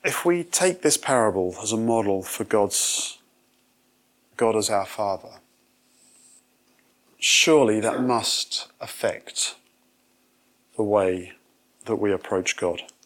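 A man's voice: lowish voice, lively intonation, slow pace, long pauses, fairly bright tone. A man giving a conversational sermon, acting out quoted voices as he retells a parable. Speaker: preacher.

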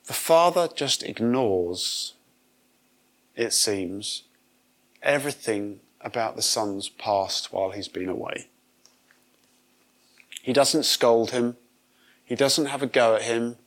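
A man's voice: medium pitch, expressive, takes it slowly, pauses often. A man giving a conversational sermon, acting out quoted voices as he retells a parable. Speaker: preacher.

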